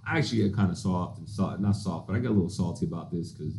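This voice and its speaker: A man co-hosting a casual chat, telling a profane, animated story about a pet peeve. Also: sits low, very fast, gravelly. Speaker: podcast co-host.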